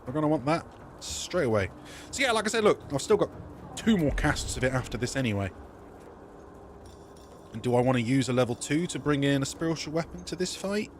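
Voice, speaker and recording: Lively man thinking aloud. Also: mid-range voice, a little fast, long pauses, a little hiss or hum. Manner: thinks aloud, self-correcting, rambling. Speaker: let's play streamer. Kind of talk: casual gameplay commentary.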